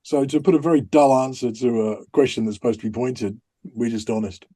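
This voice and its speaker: A man in casual podcast chat, dry and matter-of-fact. His voice sits at an ordinary mid pitch. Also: fairly quick, dark tone, breathy edge. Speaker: podcast co-host.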